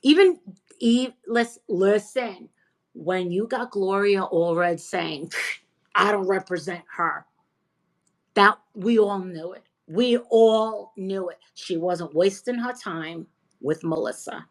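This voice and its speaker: A woman guest in a casual chat, talking in an animated, emphatic, gossipy way. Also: medium pitch, slow, rough recording. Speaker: interview guest.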